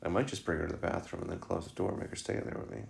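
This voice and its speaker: A man's voice: sits low, level tone, very fast, creaky. A man vlogging casually at home about his new puppy, joking and slipping into fond baby talk with her. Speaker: vlogger and dog owner.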